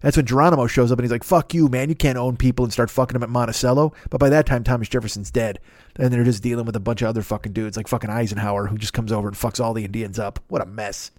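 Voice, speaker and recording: A man's voice: mid-range voice, flat delivery, very fast, a little mellow, no room sound, studio quality. A man in his fifties, a podcast host, delivering a profane, rambling comedic rant that keeps interrupting itself. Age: 50s.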